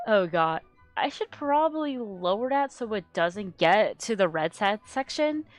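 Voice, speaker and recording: A woman chatting casually on a live stream, rambling and excitable, swearing freely and getting loud when worked up. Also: medium pitch. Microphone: desk microphone she adjusts.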